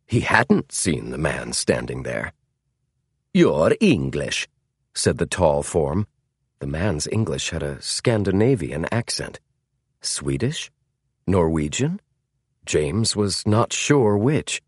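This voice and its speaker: A male audiobook narrator with a low voice telling the story in a measured, dramatic way. His delivery moves widely in pitch. The recording is dry and close. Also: big pitch swings, slightly rough, no room sound. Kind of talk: scripted narration.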